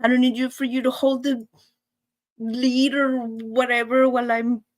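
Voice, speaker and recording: Hosting her weekly live show, a middle-aged woman talks casually to her viewers in a high-pitched voice that moves little in pitch, at a moderate pace. Giggles and laughter punctuate almost every line, and her voice sounds close and dry without any room echo.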